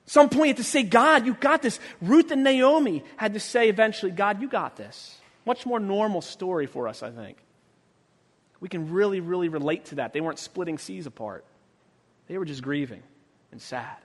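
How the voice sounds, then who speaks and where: Male pastor, very high voice, humorous sermon storytelling, long hall reverb. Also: lively intonation, moderate pace. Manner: humorous storytelling, acting out quotes, swinging from soft to loud. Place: church sanctuary.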